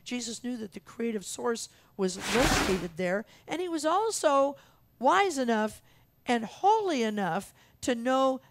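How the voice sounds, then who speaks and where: In a church sanctuary, a woman minister preaches a sermon earnestly and emphatically, repeating her key phrases for weight. Her voice is a little high, with no echo.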